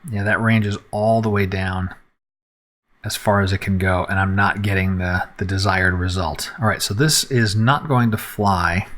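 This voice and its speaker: A man with a fairly low voice talks through an unscripted photo edit as he works. He thinks aloud, narrating each click and adjustment. He pauses with fillers as he decides. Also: fairly bright tone. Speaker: photographer teaching photo editing. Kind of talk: unscripted live screen-recorded editing tutorial.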